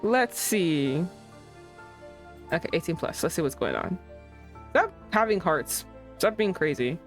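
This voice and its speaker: A young woman hosting a casual livestream chat, excitable, swearing and breaking into laughing outbursts. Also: fairly low pitch, measured pace, faint music behind. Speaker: streamer host.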